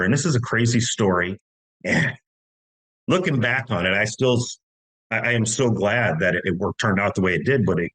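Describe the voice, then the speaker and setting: On a low-quality recording, a middle-aged podcast guest from the United States speaks in a low-pitched yet fairly bright voice. He casually recounts a lengthy story, going on at length and restarting often.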